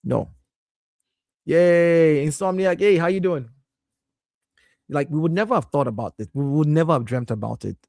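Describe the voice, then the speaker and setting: Animated man streaming from his home office. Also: a little high, normal speed, vocal fry, pauses often, no room sound, clean studio sound. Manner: animated, breaks off to scold his kids and greet viewers. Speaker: live stream host. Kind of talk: casual live-stream chat.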